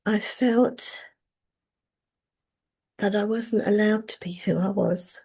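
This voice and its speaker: Woman in her sixties, session participant, gravelly voice, halting and emotional. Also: medium pitch, fairly even intonation, mellow. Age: 60s. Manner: hesitant, emotional, many ums. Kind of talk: personal sharing.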